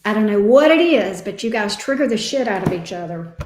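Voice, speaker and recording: A woman's voice: mid-range voice, lively intonation, a little fast, roomy sound. A woman giving a casual, emotional tarot reading. She talks expressively and swears now and then. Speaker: tarot reader.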